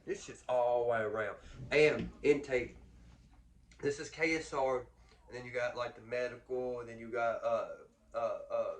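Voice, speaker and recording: Slangy man telling a story. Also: mid-range voice. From Kentucky. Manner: slangy, animated, acts out other voices. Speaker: vlogger. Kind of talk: casual storytelling. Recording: distant mic with faint noise.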